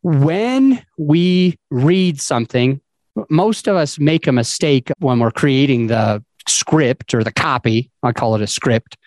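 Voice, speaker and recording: A man's voice: medium pitch, lively intonation, takes it slowly, no room sound. A man hosting a podcast, giving casual advice in a loose, conversational way with fillers and restarts. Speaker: podcast host.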